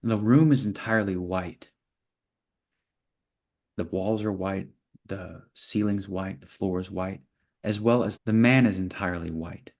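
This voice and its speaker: A man, interview guest, telling parables in a relaxed conversation and acting out little voices for the characters. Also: low-pitched, a little slow, pauses often. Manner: playful, acts out little voices in his parables. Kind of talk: storytelling in conversation.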